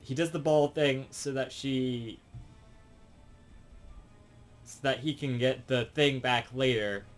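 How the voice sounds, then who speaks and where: A man giving a rambling, casual review, halting through many fillers and restarts. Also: mid-range voice, fairly even intonation, soft background music.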